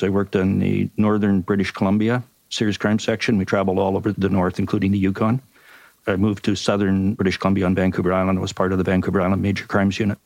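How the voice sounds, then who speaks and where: An older man with a Canadian accent speaks low and gravelly, recounting an old case in a measured, methodical way. The sound is close and dry, with no room around it. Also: darkish tone, dry recording. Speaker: retired detective and crime writer, guest. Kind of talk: podcast interview storytelling.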